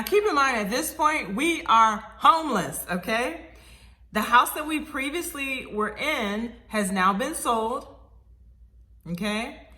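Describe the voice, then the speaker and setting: Woman, casual storytime, animated, exclaiming, bright forceful voice. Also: medium pitch. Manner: animated, exclaiming, quick to laugh. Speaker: vlogger telling a personal story.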